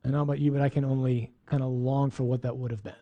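A man giving a faith lesson on scripture, lively and playful, acting out voices in his asides. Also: medium pitch, fast talker, lo-fi sound. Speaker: teacher.

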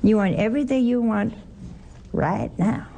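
A woman's voice: on the high side, sing-song, moderate pace, gravelly, mellow. A woman teaching scripture in a conversational way, asking the audience rhetorical questions and acting out the quoted lines. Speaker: Bible study teacher.

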